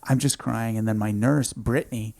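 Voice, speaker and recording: A man in his thirties, a podcast guest in a home studio, telling a story in an intense, emphatic way, often saying "dude" and swinging between hushed and loud. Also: mid-range voice, fairly even intonation, normal speed, gravelly, dry recording. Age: 30s. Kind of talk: casual storytelling.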